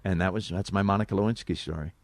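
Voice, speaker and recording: A man's voice: low-pitched, fast talker, no echo. A radio host and impressionist telling an anecdote in casual chat, acting out the people he quotes. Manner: animated anecdote teller, acts out quotes.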